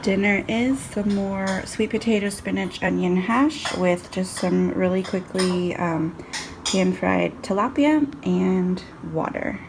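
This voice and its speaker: A woman's voice: mid-range voice, takes it slowly, vocal fry, noisy background. A woman from California chatting casually through a food diary vlog, self-deprecating and full of ums and likes. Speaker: vlogger.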